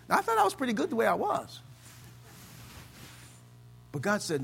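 A man from the States preaching a sermon as pastor, swinging between loud exclamations and low, quiet stretches. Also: wildly swooping pitch, moderate pace, gravelly, pauses often, breathy edge, faint music behind. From United States.

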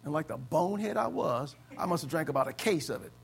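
A man from the States preaching a sermon as pastor, swinging between loud exclamations and low, quiet stretches. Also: expressive, fast talker, creaky. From United States.

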